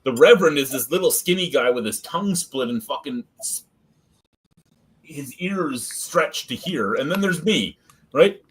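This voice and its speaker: A man's voice: on the high side, lively intonation, a little slow, husky. A man hosting a beer review stream, telling an anecdote and swearing freely. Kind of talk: casual profane storytelling.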